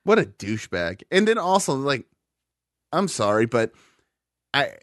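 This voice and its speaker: A man's voice: medium pitch, very animated, measured pace, fairly bright tone, no echo, clean studio sound. A man co-hosting a podcast in casual comedic chat, crude and joking, acting out little voices as he talks. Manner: crude, joking, acts out voices mid-story. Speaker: podcast co-host.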